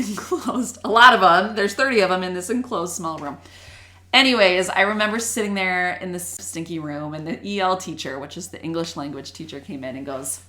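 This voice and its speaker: Brief: lively, jokey woman host, fairly low voice, echoey room. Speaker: show host and reading teacher. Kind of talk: casual talk to parents.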